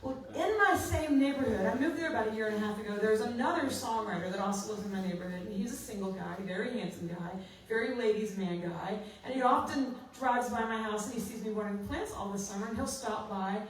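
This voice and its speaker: A woman's voice: mid-range voice, quick pace, hardly any pauses. A middle-aged woman songwriter telling a self-mocking story at a house concert, laughing often. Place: living room house concert. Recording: roomy, distant mic.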